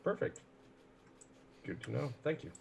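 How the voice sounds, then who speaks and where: A man playing a tabletop role-playing game, speaking hesitantly with many pauses. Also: a little mellow. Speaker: player. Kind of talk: tabletop role-play chat.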